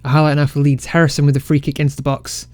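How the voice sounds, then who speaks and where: A man casually commentating his football management game, excitable and self-mocking. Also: fairly high pitch, racing, no echo. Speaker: game let's-play creator.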